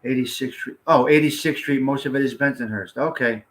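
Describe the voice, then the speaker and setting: A man's voice: medium pitch, a little fast, fairly bright tone. A man hosting a casual livestream, chatting to viewers in a blunt, rambling way and swearing freely. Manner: blunt, rambling, salty-mouthed. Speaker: livestream host.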